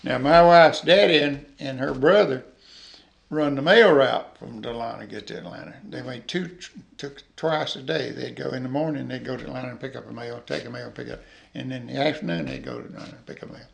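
An older man with a Southern Georgia accent spins rambling, folksy stories in an oral history interview. His voice is heavily gravelly and sits at an ordinary male pitch. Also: a little fast. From north Georgia.

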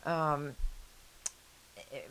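A woman's voice: low voice, little pitch movement, extremely slow, a bit bright, clear, resonant tone. An older woman with a Southern US accent, chatting frankly and laughing easily in an oral-history interview.

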